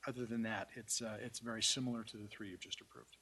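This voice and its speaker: A man from city staff briefing a council at a public meeting, halting, with many fillers and restarts. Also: fairly low pitch, steady tone, pushed and bright, slight background noise. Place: council chamber.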